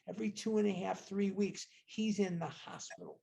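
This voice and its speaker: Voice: mid-range voice, fairly even intonation, brisk, vocal fry, warm tone. A study group leader teaching a book study over a video call, talking in an emphatic way and asking rhetorical questions to lead the group.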